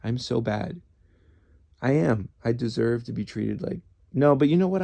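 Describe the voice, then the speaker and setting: A man's voice: medium pitch, animated, normal speed, creaky, mellow, dry recording. A man in his thirties, a former police officer, telling rambling stories in casual chat, swearing and putting himself down, with many restarts. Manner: rambling, swearing, self-deprecating with frequent restarts. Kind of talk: casual storytelling.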